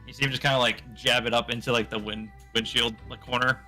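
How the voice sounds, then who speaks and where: A man talking through his character's moves at a tabletop game, loose and full of fillers. His voice is very bright and forward, with faint music behind him. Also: medium pitch, little pitch movement, fast talker. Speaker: player. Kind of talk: tabletop role-play chat.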